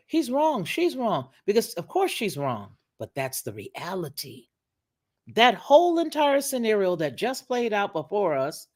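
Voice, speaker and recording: A woman's voice: low-pitched, a little mellow. A woman commenting on a video in a preacherly, emphatic way, quoting scripture as she goes. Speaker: online commentator.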